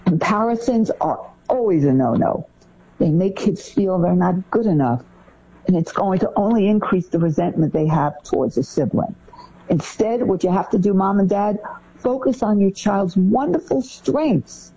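Lively woman giving parenting tips. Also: normal speed, husky, muffled recording. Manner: animated, acts out parent phrases in a higher voice. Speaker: co-host giving parenting advice. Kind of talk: conversational advice talk.

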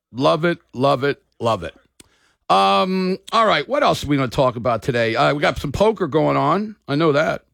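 A middle-aged man hosts call-in sports radio in a fired-up ranting style. His voice sits high and swoops widely, with a gravelly edge. The sound is bone-dry and close. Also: a bit bright, no echo. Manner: fired-up, ranting, apologetic asides.

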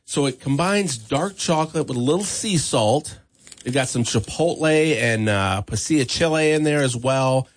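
A man hosts a morning radio show in an upbeat, chatty way. He laughs easily between lines. His voice sits at an ordinary middle pitch. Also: expressive, normal speed. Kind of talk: casual radio banter. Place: radio studio.

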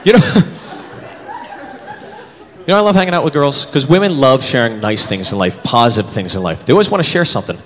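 A man in his thirties works through a stand-up comedy set on a comedy club stage, animatedly acting out characters in put-on voices. His mid-range voice moves fairly quickly, with frequent pauses. It's recorded live in a hall full of crowd noise, with the audience laughing in the background.

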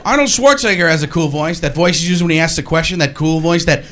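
A man doing energetic stand-up comedy who keeps jumping into voices, on a noisy live recording. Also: fairly high pitch, quick pace, few pauses.

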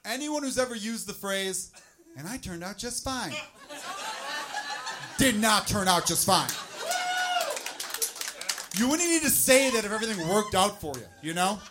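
A man's voice: high-pitched, sing-song, moderate pace, long pauses, background noise. A man doing a stand-up comedy set in exasperated, punchy rants.

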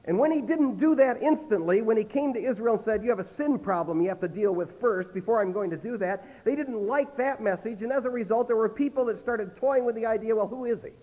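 A man preaching an expository sermon as a pastor, emphatic, his loudness rising and falling. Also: high-pitched, a little fast, few pauses. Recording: muffled sound with long hall reverb.

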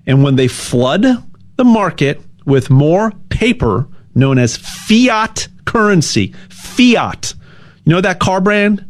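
A man giving a casual, rambling sales pitch, stumbling over repeated words and cracking jokes. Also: sing-song, slow pace. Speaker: gold sales ad host.

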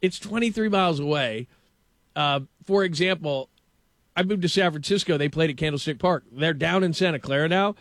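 A man hosting a casual sports talk show, animated and opinionated, stumbling over restarts as he rants. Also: on the high side, normal speed, dry recording. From Los Angeles.

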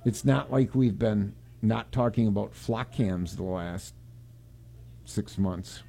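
A male radio talk host with a gravelly, dark, mellow voice. He chats casually on air, rambling and restarting his sentences. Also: fairly low pitch, fairly even intonation, takes it slowly.

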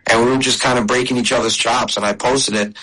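In a casual interview, a middle-aged comedian and video creator spins stories quickly, laughing and restarting as he goes. His mid-range voice is bright and forceful with a steady tone, though the audio is poor.

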